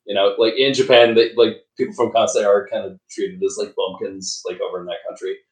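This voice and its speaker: A man's voice: on the low side, flat delivery, brisk, reverberant, recorded from a distance, rough recording. A man co-hosting a casual anime podcast, cracking sarcastic, profane quips full of fillers. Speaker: podcast co-host. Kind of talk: casual anime review chat.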